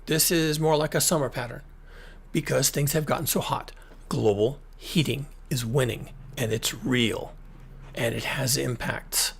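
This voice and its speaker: A man's voice: medium pitch, a little slow, gravelly, breathy edge. A middle-aged man from the United States hosting his own commentary, talking emphatically and repeating himself with frequent restarts. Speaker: climate commentary channel host. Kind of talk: solo screen-share commentary.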